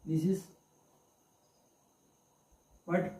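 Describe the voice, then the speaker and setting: A man teaching English pronunciation, who says each sound and example word again and again as a slow drill. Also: warm tone. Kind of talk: pronunciation lesson. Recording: echoey room, voice from far off the mic, faint hiss.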